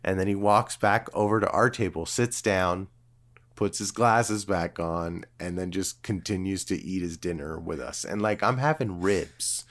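Casual, lower-voiced man telling a story. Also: a little slow. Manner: swearing, filler-heavy, animated retelling.

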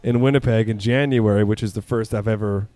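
A man's voice: lowish voice, steady tone, brisk, warm tone, slight background noise. A man hosting a podcast, teasing his guest in casual chat and laughing often. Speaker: podcast host.

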